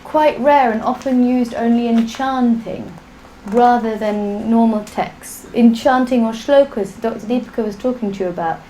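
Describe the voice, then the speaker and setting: A woman's voice: fairly high pitch, normal speed, few pauses, warm tone, slight background noise, rough recording. A woman teaching a live online language class, drilling sounds patiently for students to repeat. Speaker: Sanskrit teacher.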